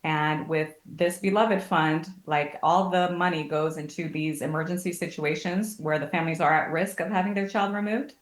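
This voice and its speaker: Low-voiced woman in an echoey room. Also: moderate pace, hardly any pauses. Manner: animated storytelling, acts out quotes. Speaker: guest, family advocate. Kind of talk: casual podcast interview.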